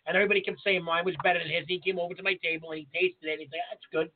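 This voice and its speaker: A man's voice: sits high, level tone, rapid-fire. A man co-hosting a casual podcast, blunt and profane as he tells brash stories about other chefs. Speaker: podcast co-host, chef. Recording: tinny phone line with faint noise.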